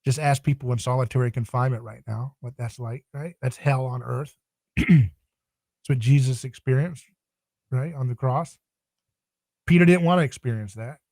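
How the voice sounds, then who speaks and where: Man, podcast guest, animated, acts out voices, dry close sound. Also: mid-range voice, no room sound. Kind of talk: casual theological discussion.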